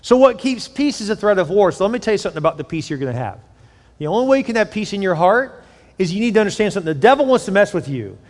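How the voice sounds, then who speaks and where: A man preaching a sermon as a pastor, animated and conversational with quick asides. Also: sits high. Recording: long hall reverb.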